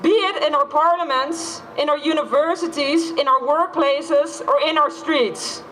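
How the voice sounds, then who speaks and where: Woman, activist speaker, high voice, declamatory rally delivery, faint background noise. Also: measured pace, fairly bright tone. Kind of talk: prepared rally speech. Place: outdoor city square rally.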